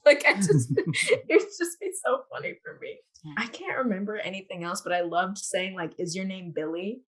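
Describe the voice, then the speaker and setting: A woman's voice: mid-range voice, big pitch swings, moderate pace. A woman, an actor guest on a talk show, telling stories in a casual, giggly way. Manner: giggly storyteller. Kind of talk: casual interview chat.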